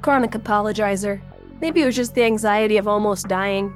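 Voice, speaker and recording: A woman's voice: mid-range voice, a little fast. A woman narrating a first-person story with a wry, sardonic tone, faint music underneath.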